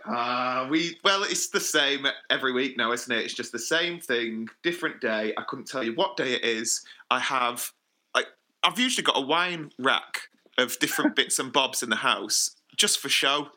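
Male podcast co-host, very bright tone, casual wry storyteller. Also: medium pitch, expressive, moderate pace. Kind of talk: casual chat.

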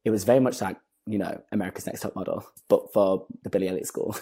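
A young man, a guest telling stories in a casual interview, animated and quick to act out what people said. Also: on the low side, vocal fry, slightly rough. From northern England. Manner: animated, acts out quoted voices, laughs often. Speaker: guest, stage performer.

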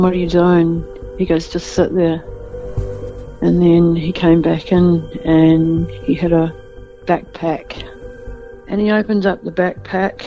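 A woman with an Australian accent giving a halting personal account in a news interview. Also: on the low side, warm tone. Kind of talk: personal testimony. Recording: dull lo-fi sound with music bed.

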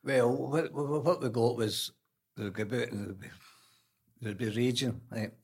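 An older Scottish man, a grandfather, talking casually in a halting, plain-spoken way. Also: medium pitch, fairly even intonation, slightly rough. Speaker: podcast guest, grandfather. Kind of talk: casual chat.

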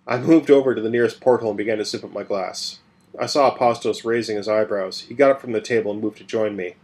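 A man narrating a first-person adventure story in a steady storytelling manner. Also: on the low side, quick pace. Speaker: narrator and podcast host.

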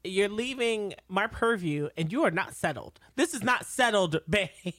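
A woman's voice: medium pitch, animated, moderate pace, fairly bright tone, no echo. A woman co-hosting a podcast, chatting casually with playful asides while recapping a show. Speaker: podcast co-host.

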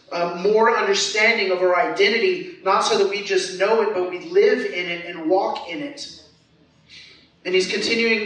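High-voiced pastor preaching in an echoey hall. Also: male voice, fairly bright tone. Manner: earnest, conversational preaching with frequent restarts. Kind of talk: sermon. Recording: echoey hall, heard from a distance.

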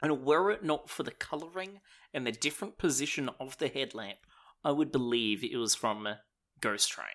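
A man's voice: medium pitch, normal speed, fairly bright tone. A man co-hosting a podcast, chatting in an enthusiastic, jokey way. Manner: enthusiastic, jokey, frequent restarts. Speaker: podcast co-host. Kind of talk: casual review chat.

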